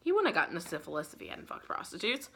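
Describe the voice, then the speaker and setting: A young woman with a rather low but bright, forceful voice chats through a book summary for her vlog. She rambles in a loose, profane, filler-heavy way. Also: wildly swooping pitch, racing, gravelly, husky. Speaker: book vlogger.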